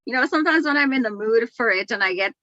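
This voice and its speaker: A woman's voice: fairly high pitch, expressive, fast talker, pushed and bright, dry recording, muffled recording. A woman hosting a live talk show, effusive and full of praise, giggling often. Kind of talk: casual live-stream interview.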